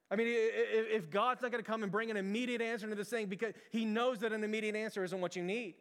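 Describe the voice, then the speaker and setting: A man's voice: sits high, steady tone, fast, hardly any pauses, clean tone. A man preaching a sermon as pastor, earnest and repetitive, often restarting his phrases. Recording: long hall reverb.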